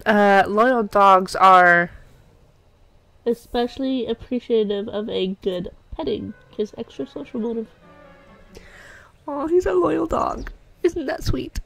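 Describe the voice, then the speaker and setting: A young woman commentating her game at an unhurried pace, her voice carrying a gravelly fry throughout. She sits a little higher than most women and chats loosely, cooing affectionately at the animals on screen. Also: animated, fairly bright tone. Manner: chatty, coos and talks to the game's pets. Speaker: gameplay commentator. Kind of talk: casual let's-play commentary.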